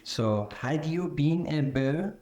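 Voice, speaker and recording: A man's voice: fairly high pitch, lively intonation, slow, mellow. Hesitant man speaking in an echoey room. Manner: hesitant, searching for words with fillers. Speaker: student. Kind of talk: classroom discussion.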